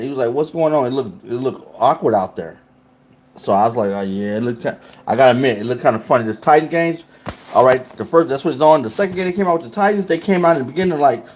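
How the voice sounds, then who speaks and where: A man's voice: mid-range voice, darkish tone. A man hosting a casual livestream, talking loosely and in slang straight to his chat. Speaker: livestream host.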